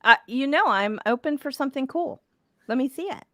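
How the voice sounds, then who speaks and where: A woman's voice: sits high, animated, a little fast, sharp tone, dry recording, studio quality. A woman guest on a casual live stream, giggly and enthusiastic.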